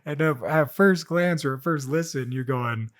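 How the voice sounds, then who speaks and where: A man's voice: on the high side, normal speed. A young man talking casually on his own vlog, rambling with many fillers and restarts. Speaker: vlogger. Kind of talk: casual solo monologue.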